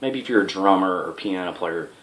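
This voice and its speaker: A man with a very low voice gives a laid-back music lesson, rambling with fillers and restarts as he chants rhythm syllables. He is recorded in an echoey room, with faint noise underneath. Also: brisk, fairly bright tone. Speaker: music teacher. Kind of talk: casual spoken music lesson.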